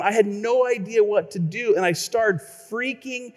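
High-voiced man preaching in a hall. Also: moderate pace. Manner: lively storytelling, repeats words when excited. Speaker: pastor. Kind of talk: sermon.

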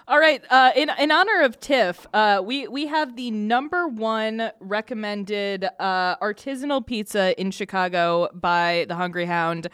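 A woman's voice: mid-range voice, unhurried, hardly any pauses, a bit bright, smooth. A woman hosting a casual chat, upbeat as she leads a food tasting. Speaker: host.

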